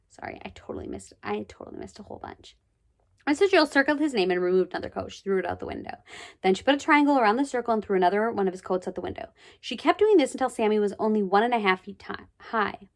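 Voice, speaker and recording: A woman reading a children's book aloud, expressive, with chatty asides. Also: medium pitch, quick pace, vocal fry. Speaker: storybook reader.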